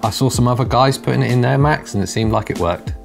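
A man's voice: medium pitch, quick pace, vocal fry, soft background music. A man hosting a casual tech video, rambling and self-deprecating as he explains his computer upgrade. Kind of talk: casual bantering tech chat.

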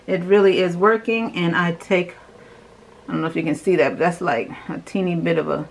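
A young woman with a slightly lower voice chats her way through a morning skincare routine. She is easygoing and enthusiastic, talking as she works through each step at home. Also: fairly quick, gravelly, poor audio. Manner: chatty, enthusiastic, talks while doing the steps. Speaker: beauty vlogger. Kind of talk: casual skincare routine demo.

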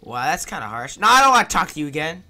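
A man's voice: on the high side, very animated, quick pace, pushed and bright, faint music behind. A young man giving casual, jokey, self-mocking commentary while playing a video game. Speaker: let's player.

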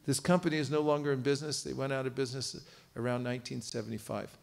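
A man's voice: medium pitch, quick pace, creaky. A man giving a live seminar lecture, quizzing his audience and cracking jokes. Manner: lively, quizzes audience, joking asides. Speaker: seminar teacher. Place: temple cultural hall.

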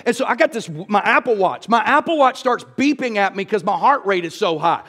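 Man, high voice, church sermon, folksy storyteller. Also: lively intonation, fairly quick, sharp tone. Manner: folksy storytelling, asks the crowd "y'all". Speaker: pastor.

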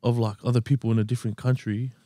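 A man's voice: mid-range voice, little pitch movement, racing, mellow, no echo, studio quality. A young man rambling and asking questions in a casual chat.

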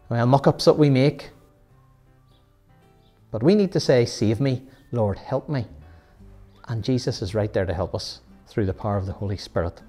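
A man's voice: medium pitch, dark tone. A man leading a children's Sunday school Bible lesson, earnest and full of rhetorical questions.

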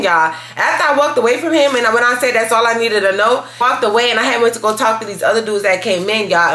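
A woman's voice: fairly high pitch, bright, forceful tone, roomy sound. Slangy chatty young woman vlogger. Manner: chatty, slangy, says "y'all" constantly. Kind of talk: casual vlog chat.

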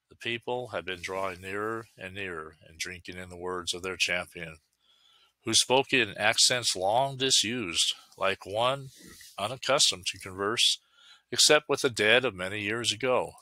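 A man narrates a story in a measured, deliberate reading voice. His tone is lowish with a sharp, keen edge. The recording is dry and close, with no room sound. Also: no room sound. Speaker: story reader.

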